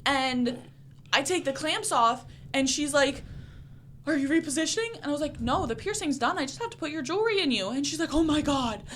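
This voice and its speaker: Animated woman telling a piercing story. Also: high-pitched, brisk, a little hiss or hum. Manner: animated storyteller acting out dialogue. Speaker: podcast co-host and body piercer. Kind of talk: casual chat.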